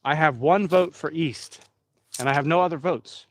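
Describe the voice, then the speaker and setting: A man's voice: fairly high pitch, moderate pace. Chatty man live-streaming. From Pennsylvania. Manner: rambling, chatty, talks straight to the chat. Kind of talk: casual live-stream chat.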